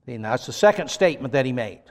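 A man's voice: medium pitch, very animated, fast talker. A man preaching a sermon, reading scripture aloud and breaking in with emphatic, conversational asides. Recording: long reverb, large hall.

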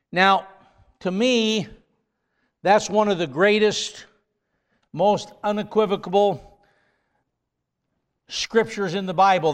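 A male preacher delivers a sermon in a fairly high, smooth and resonant voice. He speaks slowly and leans hard on single words, stretching them out for emphasis. His voice carries a long reverb, as if it fills a big hall. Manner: emphatic, drawn-out stresses on key words.

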